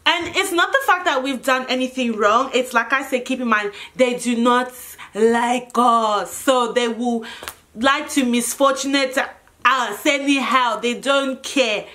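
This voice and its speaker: Animated high bright-voiced young woman. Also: measured pace. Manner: animated and expressive, swearing freely. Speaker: vlogger telling a story. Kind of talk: casual storytime.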